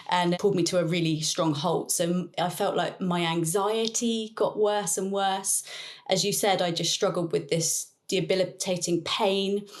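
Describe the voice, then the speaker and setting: A woman guest in an interview, telling her personal story in an earnest, reflective way with soft laughs now and then. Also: fairly low pitch. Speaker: interview guest, neuroplasticity coach.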